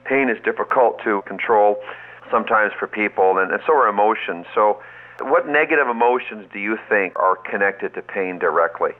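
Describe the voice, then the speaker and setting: A man's voice: fairly low pitch, normal speed. A man hosting an interview, asking reflective questions and affirming his guest. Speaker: interviewer, host. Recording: tinny phone line.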